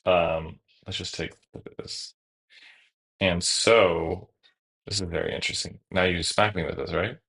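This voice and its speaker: Guy with a lowish voice streaming a card game, muttering his plays as he goes. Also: fairly even intonation, moderate pace, creaky, fairly bright tone, poor audio. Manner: thinks aloud through each move, casual, trailing restarts. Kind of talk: live-stream gameplay commentary.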